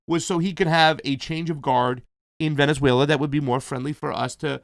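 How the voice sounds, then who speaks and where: A man's voice: a little high, steady tone, a little fast, vocal fry, dry recording. A man hosting a casual political commentary show, talking informally and animatedly to his viewers.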